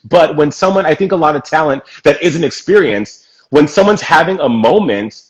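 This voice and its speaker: A man's voice: a little high, expressive, moderate pace, low-quality recording. A man hosting a casual interview, talking in an effusive, emphatic and encouraging way. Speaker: podcast host.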